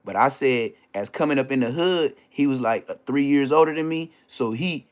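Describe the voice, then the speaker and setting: Packed with slang and repetition, a middle-aged man's casual, animated storytelling rant recounts street drama. His voice has medium pitch and moves at a normal speed.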